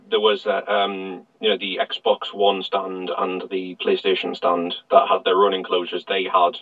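A man on a casual podcast panel, rambling and halting but opinionated. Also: low-pitched, no echo. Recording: dull, dry lo-fi mic.

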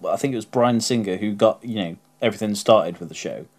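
Hesitant low-voiced man. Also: fast talker. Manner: hesitant, full of fillers. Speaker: podcast co-host. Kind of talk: casual chat.

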